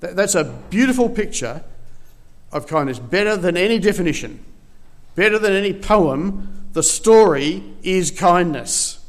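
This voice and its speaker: A man delivering a sermon with a fairly high voice. He tells the story in a relaxed, conversational way, stumbling and restarting as he goes. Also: measured pace. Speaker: preacher.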